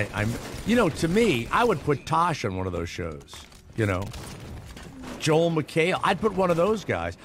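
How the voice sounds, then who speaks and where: A man's voice: medium pitch, a little hiss or hum. A middle-aged man hosting a talk radio show, rambling through a sarcastic comedic monologue with mock voices.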